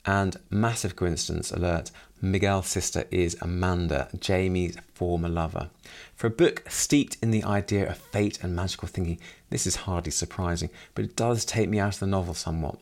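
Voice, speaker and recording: A man's voice: deep voice, normal speed, vocal fry. A man hosting a solo book review podcast, summarizing the plot with wry asides.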